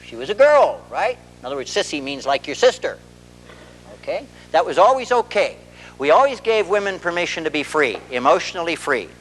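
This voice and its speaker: A man with a fairly high voice gives a public talk, his pitch swinging widely as he acts out little scenes. His words ring with long reverb through a big hall. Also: brisk, a little hiss or hum. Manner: animated storyteller who acts out dialogue. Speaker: marriage and family therapist giving a talk. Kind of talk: public lecture.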